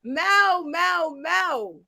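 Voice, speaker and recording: A woman's voice: very high voice, lively intonation, extremely slow, creaky, background noise. A woman hosting a casual podcast chat, playful and teasing, often laughing as she questions her guests. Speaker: podcast host.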